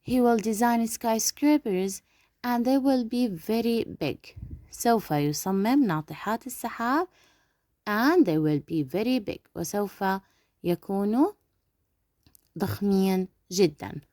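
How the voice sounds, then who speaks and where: A woman runs an English lesson for young pupils. She says each vocabulary word slowly and deliberately, then rushes through her explanations. Her pitch sits mid-range and the sound is dry and close, with no room echo. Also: lively intonation, mellow. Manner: slow, drawn-out word modelling, switching to quick explanations. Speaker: English teacher.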